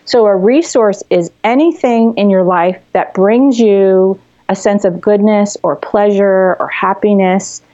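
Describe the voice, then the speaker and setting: A woman therapist on an interview, explaining calming techniques in a gentle, explanatory way with frequent fillers and restarts. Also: medium pitch, unhurried, hardly any pauses, highs cut off. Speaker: therapist guest. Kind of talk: conversational teaching.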